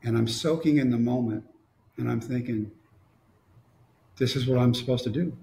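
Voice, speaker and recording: Gravelly middle-aged man, wry storyteller, echoey room. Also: mid-range voice, normal speed, mellow. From Texas. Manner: wry, storytelling with quoted dialogue. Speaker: motivational speaker. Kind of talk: storytelling talk.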